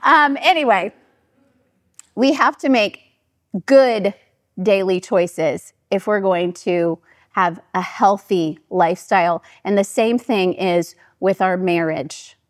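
Speaking slowly in a mid-range voice, this pastor's wife, a woman of middle age, gives her church an animated storytelling talk full of acted-out dialogue. The studio-quality audio carries no room sound at all.

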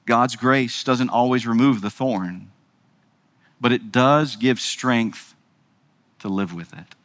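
A man's voice: medium pitch, slow, fairly bright tone. A male pastor preaching a sermon emphatically, speaking directly to his congregation.

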